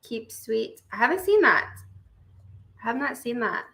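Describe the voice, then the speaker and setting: Bright, giggly young woman chatting live. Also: fairly high pitch, sing-song, a little slow. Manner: chatty and giggly, greets viewers by name. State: recovering from surgery. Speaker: host of a live stream. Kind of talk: casual live-stream chat, reading viewer comments.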